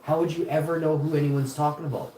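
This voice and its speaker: A man talks loosely through a livestream while cooking in his kitchen, wandering from topic to topic with jokes and restarts. His voice is mellow and soft-edged, and the room gives it a roomy echo over a faint hum of noise. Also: fairly high pitch, fairly even intonation, fast. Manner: joking, meandering, self-interrupting. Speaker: livestream host. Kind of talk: casual rambling livestream chat. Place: home kitchen, indoors.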